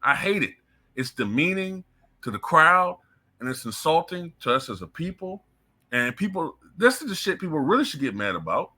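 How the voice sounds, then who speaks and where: A man's voice: on the high side, big pitch swings, moderate pace, bright, forceful tone, slightly rough. A man giving blunt, heated opinion commentary as the channel's host, cursing freely. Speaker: political commentator.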